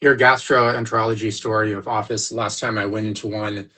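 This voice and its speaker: Husky podcast host, loose and casual. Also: male voice, fairly low pitch, level tone, fairly quick, bright, forceful tone. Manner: loose, filler-heavy chat.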